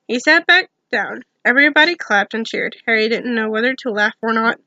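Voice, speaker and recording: A woman's voice: a little high, lively intonation, brisk, few pauses, bright, forceful tone, no echo, muffled recording. A woman giving an ASMR storybook reading, with casual asides between passages. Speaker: storybook reader.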